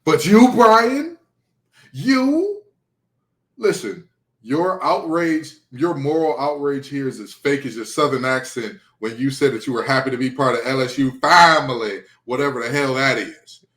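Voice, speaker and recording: A man's voice: medium pitch, moderate pace, bright, forceful tone. Sarcastic, ranting man in a roomy space. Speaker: podcast co-host. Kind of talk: heated sports talk.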